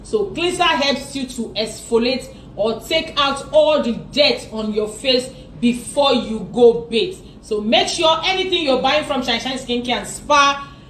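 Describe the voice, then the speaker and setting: Slow-talking woman in an echoey room. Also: on the high side, lively intonation, fairly bright tone, far from the mic. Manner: earnest, repetitive. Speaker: skincare seller. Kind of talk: product pitch video. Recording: echoey room with faint noise.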